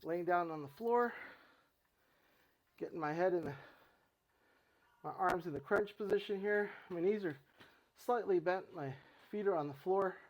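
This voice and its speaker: A middle-aged man narrates his home exercise routine in a casual, halting way, often restarting his sentences. He gets winded between sets, and his speaking voice sits slightly higher than most men's. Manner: halting, talks himself through exercises with many restarts. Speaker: fitness vlogger. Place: home room with his dogs.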